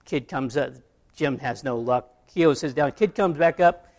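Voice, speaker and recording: Man preaching, conversational storyteller, gravelly voice. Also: medium pitch, a little slow, darkish tone. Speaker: pastor. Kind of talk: sermon with illustration story.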